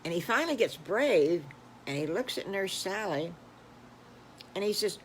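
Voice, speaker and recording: Older woman storyteller, gentle and unhurried, children's tale, light noise. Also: medium pitch, lively intonation, poor audio. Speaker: storyteller grandmother.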